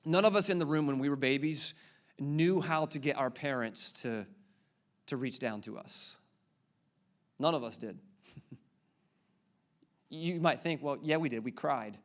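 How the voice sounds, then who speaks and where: A man's voice: a little high, measured pace, long pauses. A man in his thirties, a pastor preaching a sermon in a church and playfully quizzing the congregation with repeated questions. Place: church auditorium before a congregation.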